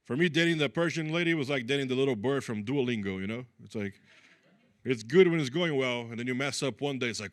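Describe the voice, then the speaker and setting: A man's voice: mid-range voice, expressive, fast, no echo. A man from Brazil doing a chatty, self-deprecating stand-up comedy set, acting out the people in his stories. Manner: chatty, self-deprecating, acts out quoted voices.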